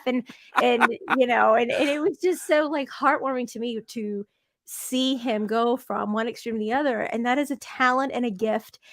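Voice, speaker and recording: A woman chatting as a guest on a podcast, telling stories in a gushing, animated way with many restarts. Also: on the high side, normal speed, no echo, clean studio sound. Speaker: podcast guest, fellow show host. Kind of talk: casual conversation.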